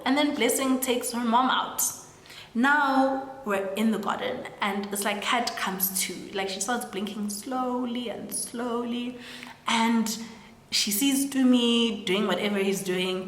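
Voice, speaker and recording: Chatty young woman, echoey room. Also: a little high. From South Africa. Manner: chatty, lots of "like" fillers, acts out quoted lines. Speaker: storytelling creator. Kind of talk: casual plot recap. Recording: echoey room with long reverb.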